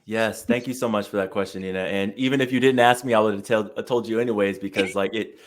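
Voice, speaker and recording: A man's voice: on the low side, steady tone, quick pace. A man, a career coach, talking as a podcast guest in an enthusiastic, slangy way, with many "like"s and "um"s. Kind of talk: casual interview chat.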